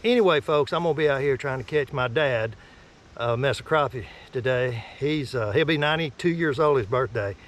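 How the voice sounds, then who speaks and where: A middle-aged man from North Alabama talks in a chatty, folksy Southern drawl while fishing from a boat. His voice sits at an ordinary pitch and turns excitable as he goes along. Steady boat and water noise runs underneath him outdoors. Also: a little fast. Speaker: fishing vlogger. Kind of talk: casual outdoor fishing vlog. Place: small boat on a creek outdoors.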